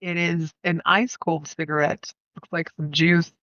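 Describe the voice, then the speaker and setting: A woman's voice: lowish voice, level tone, a little slow, fairly bright tone, dry recording, muffled recording. Playful woman recapping a film, dry sound. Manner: playful, slangy storytelling with asides. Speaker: podcast host. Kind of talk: casual film review podcast.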